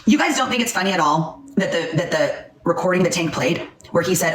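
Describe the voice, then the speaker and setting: A woman's voice: on the low side, very fast, hardly any pauses, reverberant, far from the mic, slight background noise. A woman hosting a heated livestream, angry and upset, blunt and repeating herself for emphasis. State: upset and shaking. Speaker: livestream host.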